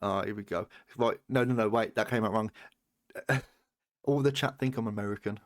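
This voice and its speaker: A man's voice: fairly low pitch, moderate pace. A British man streaming a game, chatting casually, swearing and bantering with his chat. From Britain.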